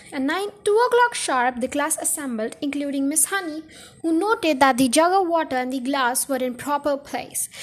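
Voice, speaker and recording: A woman reading a children's book chapter aloud in a casual, steady way. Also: sits high. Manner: steady, plain reading with friendly intro. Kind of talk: casual storybook read-aloud.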